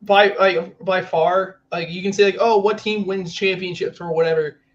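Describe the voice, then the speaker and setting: A young man with a fairly high voice co-hosts a sports podcast. He rambles excitedly and fills his talk with "like". The audio sounds slightly dull and lo-fi. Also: moderate pace. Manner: rambling, heavy use of "like", excitable. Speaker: podcast co-host. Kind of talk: casual sports chat.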